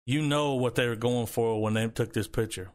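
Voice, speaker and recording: Man, casual podcast chat, profane, animated storyteller, average pitch. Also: normal speed.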